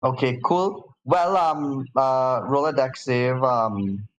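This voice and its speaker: A man's voice: mid-range voice, takes it slowly, lo-fi sound. A man acting as game master, narrating a tabletop game in a casual way with many fillers and restarts.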